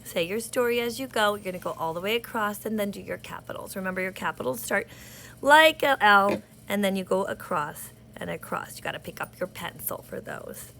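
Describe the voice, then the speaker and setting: A woman teaching an early reading lesson, slowly sounding out words for young children. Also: medium pitch, creaky, a bit bright, a little hiss or hum. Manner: slow, patient, sounding out words, speaks to kids.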